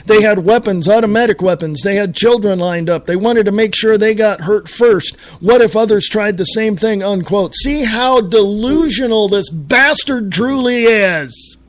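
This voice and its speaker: A man's voice: high-pitched, unhurried, hardly any pauses. A middle-aged man from the United States hosting a talk radio show, reading quotes aloud and ranting with profanity. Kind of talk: angry political commentary.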